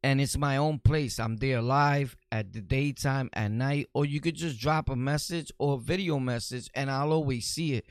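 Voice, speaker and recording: A gravelly-voiced man talks straight to his listeners in a loose, rambling monologue, blunt and streetwise. His voice sits at an ordinary middle pitch. The sound is close and dry, with no room around it. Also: normal speed, hardly any pauses, dry recording. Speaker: podcast host. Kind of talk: casual monologue answering comments.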